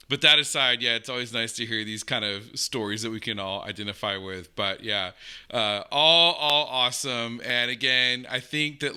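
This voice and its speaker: A man's voice: mid-range voice, pushed and bright, clear, resonant tone. An American man hosting a reaction video, chatting casually and rambling with many fillers. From United States. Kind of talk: casual commentary.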